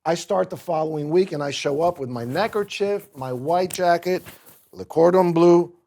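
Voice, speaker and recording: On a podcast, a Puerto Rican man who's a guest chef spins casual stories, animatedly voicing the characters. He talks at normal speed with a slightly high voice.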